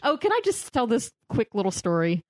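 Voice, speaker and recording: A woman's voice: a little high, big pitch swings, brisk, darkish tone, no room sound, studio quality. A woman co-hosting a podcast, chatting casually with crude jokes and frequent laughter. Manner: crude, joking, laughing often. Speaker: podcast co-host. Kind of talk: casual chat.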